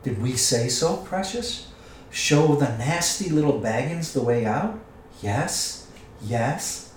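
A man's voice: mid-range voice, animated, slow pace, far from the mic. A man voicing a slimy, wretched cave creature that hisses, whines and calls itself precious. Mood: hissing, wheedling. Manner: hissing, whiny, talks to himself as "precious". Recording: echoey room, away from the mic.

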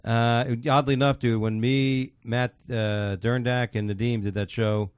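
A man's voice: mid-range voice, fairly even intonation, a little slow, clean tone, no room sound. A man hosting a podcast, chatting casually and reading out odd news stories in a crude, swearing, laughing way. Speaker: podcast host.

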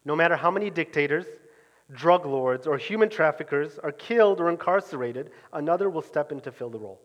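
Earnest preacher in a reverberant hall. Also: male voice, on the high side, lively intonation, fairly quick. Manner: earnest, emphatic, drops to quiet at phrase ends. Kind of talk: sermon.

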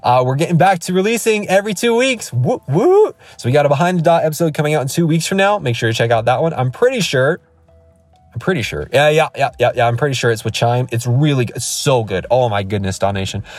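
A man's voice: mid-range voice, lively intonation, quick pace, dry recording, soft background music. A man in his thirties, a podcast host, giving an emphatic, rambling motivational rant from his car, recorded on a phone. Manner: emphatic, repetitive, rambling with restarts. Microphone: iPhone.

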